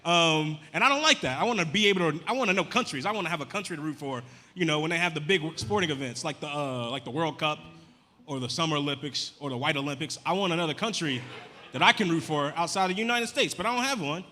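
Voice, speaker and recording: Deadpan male comic working the crowd; rapid delivery, long room reverb. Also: on the high side, a little hiss or hum. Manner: deadpan, chatty crowd work with casual slang. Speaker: stand-up comedian. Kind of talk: stand-up comedy set. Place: comedy club stage. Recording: live venue with long reverb.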